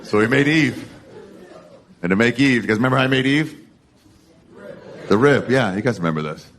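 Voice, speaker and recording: A man in his forties doing stand-up, deadpan and crude in a loose conversational way. His voice sits at a middling pitch. Loud laughter and noise from a packed club surround him. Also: fairly quick. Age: 40s. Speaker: stand-up comedian. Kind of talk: stand-up comedy. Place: comedy club stage. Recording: live comedy set with loud crowd laughter.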